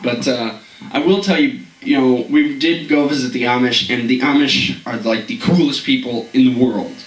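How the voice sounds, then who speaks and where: A man's voice: medium pitch, normal speed, roomy sound, distant mic, poor audio. A man doing a rambling comedic monologue, stammering and chuckling at his own jokes.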